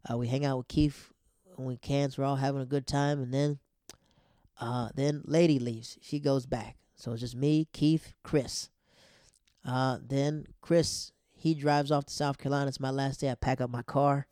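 Warm-voiced man telling a slangy story. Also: mid-range voice, normal speed, clean tone, dry recording, clean studio sound. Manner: animated, slangy, laughs often. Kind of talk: casual storytelling.

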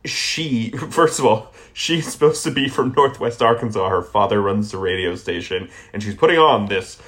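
With a lowish, fairly bright voice, this Southern American man speaks animatedly at normal speed. He co-hosts a laid-back movie podcast and gives sardonic, blunt, and profane takes on films.

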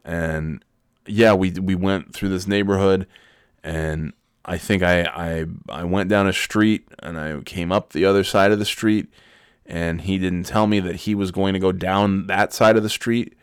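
A man's voice: low-pitched, fairly even intonation, measured pace, clean tone, dry recording, clean studio sound. A man telling rambling, sardonic, profane stories in a casual monologue.

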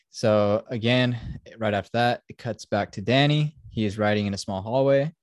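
A man's voice: fairly low pitch, moderate pace, no echo, clean studio sound. A man hosting a podcast who casually recaps a film in a rambling, profane way full of fillers. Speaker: podcast host.

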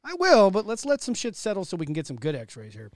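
A man chats casually, swearing freely and bursting into loud exclamations as he tells stories. The recording is dry and close, with no room sound around him. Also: high voice, fast, dry recording. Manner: profane, animated storytelling with loud outbursts. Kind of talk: casual chat.

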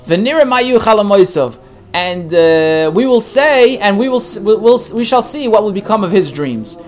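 Higher-voiced man teaching a text class. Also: expressive, normal speed. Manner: reads Hebrew phrases then translates them. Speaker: Torah teacher. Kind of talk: text study class, translating verse by verse.

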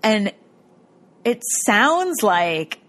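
A woman's voice: medium pitch, big pitch swings, extremely slow, a bit bright. A woman casually recapping a show in a rambling way, full of "like" and frequent laughter. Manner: rambling, lots of "like", bursts of laughter. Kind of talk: casual chat recapping a ghost-hunting show.

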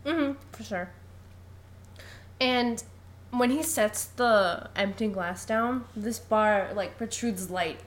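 A woman's voice: a little high, slow. A young woman co-hosting a podcast, recapping a film in casual chat and acting out the characters' lines. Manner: animated, laughs often, acts out lines. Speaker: podcast co-host.

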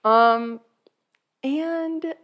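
A woman's voice: high-pitched, drawn-out words, lo-fi sound. Chatty young woman co-hosting a podcast. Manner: chatty, fills speech with "like". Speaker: podcast co-host. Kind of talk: casual chat.

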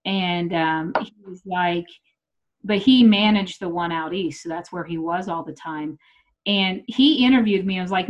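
A woman's voice: on the low side, normal speed. A middle-aged woman tells stories in a loose, casual chat, blunt and freely profane. Her voice comes through slightly dull and lo-fi. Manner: blunt, swearing storyteller. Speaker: comedian.

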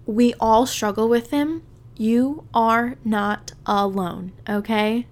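A woman's voice: on the high side, steady tone, slow pace. A woman hosting her own podcast in casual solo talk, gushing and profane, with lots of "like" fillers. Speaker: podcast host.

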